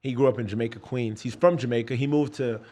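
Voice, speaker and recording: A man's voice: medium pitch, fairly even intonation, quick pace, a little mellow. A man in his thirties from New York, a guest in a casual podcast chat, telling stories animatedly and acting out voices. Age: 30s. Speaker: guest, pro fighter.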